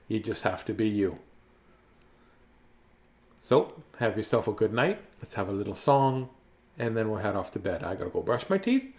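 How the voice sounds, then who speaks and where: A man's voice: medium pitch, darkish tone. A man hosting a bedtime story show, chatting in a playful, rambling way with silly asides. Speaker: storybook reader and host. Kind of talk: casual bedtime story chat.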